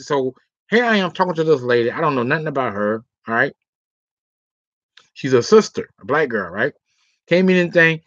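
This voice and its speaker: A man's voice: a little high, animated, fairly quick, fairly bright tone, no echo. A man giving casual dating advice on a livestream, rambling and filling his talk with 'all right' and 'okay'. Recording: dry, slightly dull lo-fi sound.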